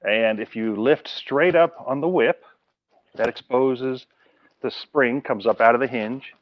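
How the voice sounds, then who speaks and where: A male guest chats casually about antennas and tells stories, animatedly acting out phone calls with lots of vocal play. His mid-range voice is unhurried. The audio has no room sound and its highs are cut off.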